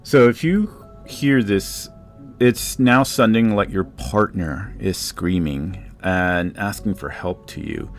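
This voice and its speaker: Guy running a tabletop game, slow and lowish, kinda halting. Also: faint music behind. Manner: halting, searching for words. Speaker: game master.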